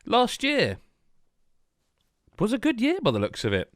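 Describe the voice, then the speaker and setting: A man's voice: high-pitched, wildly swooping pitch, a little slow, fairly bright tone, no echo, studio quality. A man hosting a casual podcast chat, jokey and rambling as he reads out lists. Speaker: podcast host.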